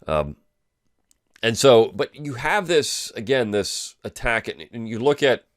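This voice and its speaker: A man's voice: medium pitch, sing-song, measured pace, dry recording, studio quality. A man hosting a weekly review show, talking through recent articles in a loose conversational way with many ums and restarts. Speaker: host of a weekly review podcast. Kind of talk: casual spoken commentary.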